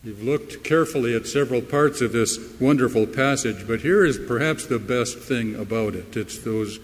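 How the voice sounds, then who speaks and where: A man preaching a sermon, slow and emphatic, leaning hard into key words. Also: medium pitch, in a large hall. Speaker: pastor.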